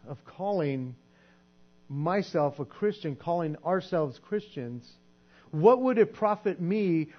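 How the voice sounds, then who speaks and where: A man preaching a sermon in an earnest, conversational way, often repeating words as he goes. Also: a little high. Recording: dull lo-fi recording with mains hum.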